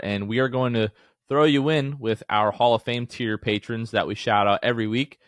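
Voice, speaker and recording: Excited man on a dry podcast mic. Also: mid-range voice, dry recording. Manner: excited, animated storytelling. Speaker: podcast co-host. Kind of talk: casual sports podcast chat.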